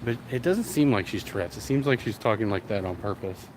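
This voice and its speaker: A man's voice: fairly low pitch, expressive, fairly quick, roomy sound, noisy background. A young man rambling casually to his viewers, swearing freely as he chats about his day. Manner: rambling, profane, chatty. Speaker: vlogger.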